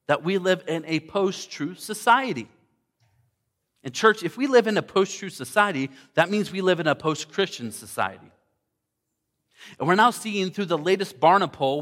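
A man's voice: sits high, a bit bright. A male pastor preaching a sermon, emphatic, repeating key words and addressing the congregation directly.

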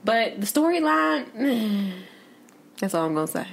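A woman's voice: fairly high pitch, big pitch swings, slow pace, creaky, slight background noise. A woman co-hosting a podcast, chatting casually and giving opinions, often trailing off and restarting her sentences. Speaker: podcast co-host. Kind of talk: casual chat.

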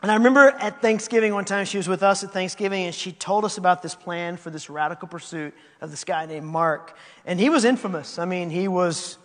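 A man tells a sermon as a story, his voice sitting high for a man. He acts out the quotes and swings between loud bursts and hushed lines. A long reverb trails behind him in a large church hall. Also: a little fast. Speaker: pastor.

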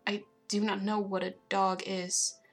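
A woman's voice: mid-range voice, level tone, measured pace, creaky, soft background music. A woman reading aloud, voicing a stern, formal male alien emperor.

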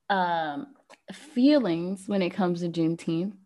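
A woman's voice: lowish voice, slow, mellow. A woman hosting a podcast, talking candidly and casually with a guest. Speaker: podcast host. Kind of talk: casual interview conversation.

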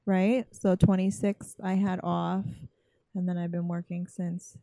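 A woman's voice: on the low side, level tone, unhurried, dark tone, no echo. A woman from Atlanta, co-hosting a casual chat and rambling with many fillers. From Atlanta, USA. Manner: rambling, many fillers and restarts, laughs easily. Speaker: podcast co-host.

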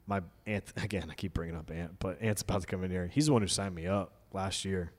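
Lively man telling a story in a reverberant room. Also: low-pitched, quick pace. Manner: animated storyteller acting out quotes. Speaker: comedy show host. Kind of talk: casual podcast chat.

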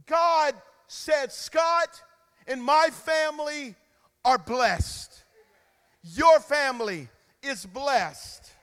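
A man preaching a sermon, calling on the congregation to repeat after him, swinging between loud emphatic bursts and quiet asides. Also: extremely high pitch, drawn-out words. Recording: long reverb of a large hall.

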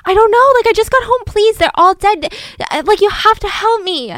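A woman acting out a panicked young man who pleads for help and repeats himself, her voice pushed up high and loud. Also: animated, normal speed, dry recording. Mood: frantic pleading.

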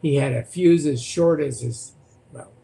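An older man, a former political candidate, recounting debate stories as a guest in an animated way, often repeating words. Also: mid-range voice, measured pace, vocal fry. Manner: animated, repeats words and restarts, acts out quotes. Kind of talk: anecdotal storytelling in conversation.

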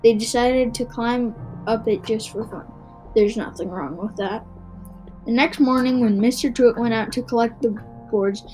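A woman reading a children's book aloud, expressive, with small stumbles and restarts. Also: a little high, low-quality recording. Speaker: narrator.

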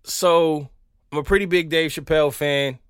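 A man's voice: a little high, moderate pace, clean tone, no echo, clean studio sound. A man hosting a podcast, telling stories and riffing in a casual comic monologue, sometimes singing bits of songs. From Southern United States. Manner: animated storytelling, sings snippets of songs. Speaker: podcast host.

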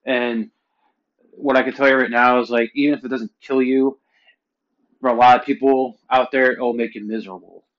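A man in his forties from Pennsylvania, ranting casually and profanely to his viewers, his voice growing loud and heated. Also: flat delivery, normal speed, dull audio. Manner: profane, heated ranting that climbs louder and higher. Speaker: vlogger. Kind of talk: casual rant to camera.

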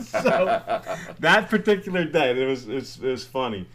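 A man's voice: mid-range voice, sing-song, moderate pace, a bit bright. An older man, a former athletic trainer, telling stories in casual chat with many restarts and laughs. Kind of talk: casual storytelling in a group chat.

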